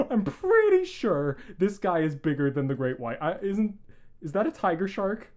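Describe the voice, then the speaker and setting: A player taking a turn in a gaming video, excitable, loudly swearing and trash-talking the game. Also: medium pitch, measured pace. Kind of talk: let's play commentary.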